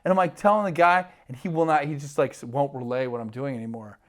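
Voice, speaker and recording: A middle-aged man telling a long story in an animated way, full of fillers and restarts, acting out the other people's voices. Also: on the high side, fast. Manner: rambling, many fillers and restarts, acts out voices. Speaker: podcast guest, TV producer.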